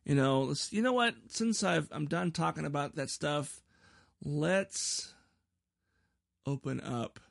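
A man hosts his own podcast alone, chatting casually in a rambling, self-deprecating way and tripping over his words. His voice sits a little high and carries a gravelly rasp. The sound is dry and close, with no room around it. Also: slow, dry recording. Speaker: podcast host. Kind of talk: casual solo podcast chat.

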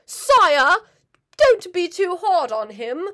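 A woman's voice: extremely high pitch, big pitch swings, takes it slowly, fairly bright tone, pitched above the performer's own voice, heavily acted. A woman doing a fussy male hornbill advisor with a British accent, pleading primly with his king.

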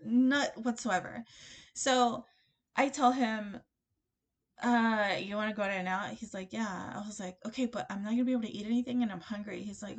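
This is a woman hosting a casual podcast, telling a story from her dating life. Her voice sits a little high, and her delivery is loose and chatty, with lots of little laughs. She acts out the lines of everyone in the story as she goes. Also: moderate pace. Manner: chatty, animated, laughs often, quotes herself and others. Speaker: podcast host.

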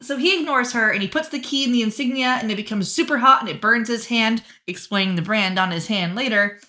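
Female podcast co-host, bright tone, animated recap with quick character voices. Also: on the high side. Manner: lively, acts out characters' lines in quick voices. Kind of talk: casual chat, recapping with acted quotes.

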